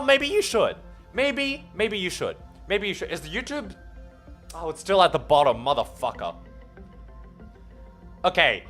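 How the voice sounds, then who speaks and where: An Australian man hosting a live stream, talking with his chat in a playful, exclaiming way and swearing freely. His voice sits high and swings widely in pitch. Faint music plays quietly behind him. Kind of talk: casual livestream chat with viewers.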